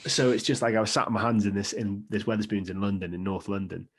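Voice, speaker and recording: A young Welsh man with a Welsh accent, co-hosting a sports podcast in casual, animated chat. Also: lowish voice, fast talker. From Wales. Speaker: podcast co-host.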